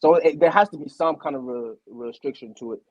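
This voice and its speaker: A man, a panelist in a casual chat, animated and argumentative. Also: a little high, brisk, no echo, lo-fi sound.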